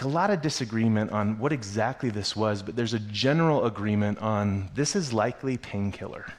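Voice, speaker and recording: A man preaching a sermon, reading scripture aloud and stopping to explain it in a casual, conversational way, growing animated as he poses questions. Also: lowish voice. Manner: animated when voicing questions. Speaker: pastor.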